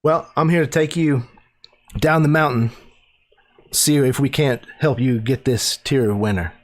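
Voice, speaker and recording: A brash, swaggering woman captain with a Southern US drawl, as a game master puts her on. Her voice sits higher than plain talk, cocky and bold. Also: unhurried, natural voice.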